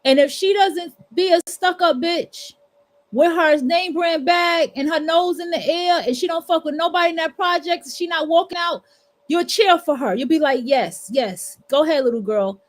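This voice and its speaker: Blunt, high-voiced New woman. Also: moderate pace. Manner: blunt and profane, preaching to listeners. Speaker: livestream host. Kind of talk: casual monologue.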